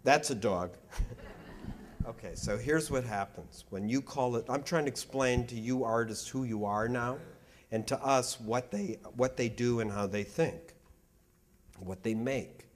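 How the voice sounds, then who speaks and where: A man giving a public lecture as an art critic, joking and teasing his audience, animated and quick to banter. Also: medium pitch.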